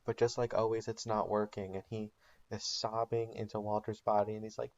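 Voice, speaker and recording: A man's voice: fairly low pitch, level tone, a little fast, darkish tone, dull audio. A man telling a comedic made-up recap of a TV show in a casual storytelling way with ums and likes. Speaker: channel host.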